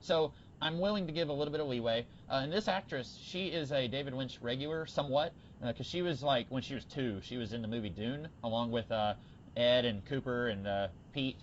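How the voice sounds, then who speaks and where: A man co-hosting a podcast, chatting casually about a TV episode with lots of fillers and bursts of excitement. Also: mid-range voice, fairly quick, muffled recording, a little hiss or hum. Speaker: podcast co-host. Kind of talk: casual TV discussion.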